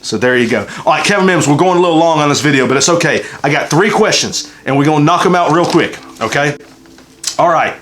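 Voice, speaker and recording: A game reviewer with a Southern US accent speaks fast and animated, his voice on the high side and a bit bright, with a little hiss or hum present. He hosts his channel's casual, unscripted review chat, rambling emotionally and cursing heavily.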